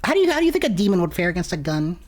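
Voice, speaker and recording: A woman streaming a horror game, ranting and swearing with sudden shouts. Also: lowish voice, very animated, racing. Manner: profane, exasperated rants with sudden shouts. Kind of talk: casual gameplay commentary.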